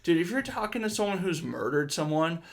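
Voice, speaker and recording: A man's voice: on the high side, big pitch swings, a little fast, vocal fry. A young man telling crude anecdotes in casual comedy podcast banter, laughing through his lines. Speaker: podcast guest.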